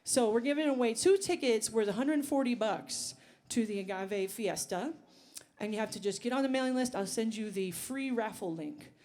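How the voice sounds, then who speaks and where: A woman's voice: a little high, normal speed, darkish tone. A woman singer and bandleader talking to the crowd between songs, chatty and rambling, on an outdoor festival stage.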